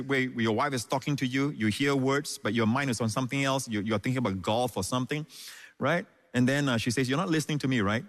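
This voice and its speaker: A man preaching from the pulpit in a mid-pitched voice. He stresses his lines, repeats them for weight, and calls out hallelujah between points. The sound rings with the long reverb of a large hall. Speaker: pastor. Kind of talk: sermon.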